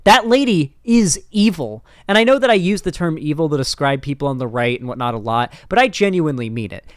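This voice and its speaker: A man's voice: fairly high pitch, no echo, studio quality. A young man hosting a political commentary channel, talking in a blunt, mocking, profane manner. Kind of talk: casual online commentary.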